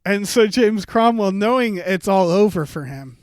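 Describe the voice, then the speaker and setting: A man's voice: high voice, expressive, moderate pace, darkish tone, no room sound, studio quality. A man co-hosting a podcast, improvising a comic story with lots of fillers and hesitations. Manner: rambling, hesitant, filler-heavy narration. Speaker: podcast co-host. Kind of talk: improvised comedic storytelling game.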